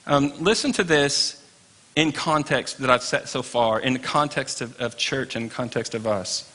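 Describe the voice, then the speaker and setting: Bright-voiced man teaching a Bible class. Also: medium pitch, unhurried. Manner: chatty, wry asides to the class.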